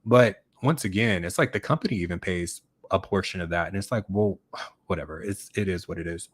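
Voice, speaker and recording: A man's voice: low voice, brisk, breathy edge, dry recording. A man hosting a casual livestream chat, rambling with many fillers and restarts as he reads viewer comments. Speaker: YouTube channel host.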